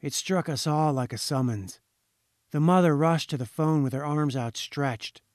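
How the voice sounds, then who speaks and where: A man reading a haunting short story aloud in a measured, ominous storytelling manner. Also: a little high, a little mellow, no echo, studio quality. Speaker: audiobook reader. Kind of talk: scripted narration.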